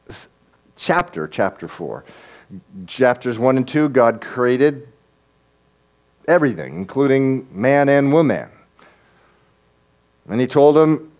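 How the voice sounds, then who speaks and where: An earnest middle-aged man delivers a sermon to his congregation. His pitch sits in the middle range, and he often restarts sentences by repeating a word before pressing on. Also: lively intonation, a little mellow. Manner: earnest, halting, repeats words when starting sentences. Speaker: pastor.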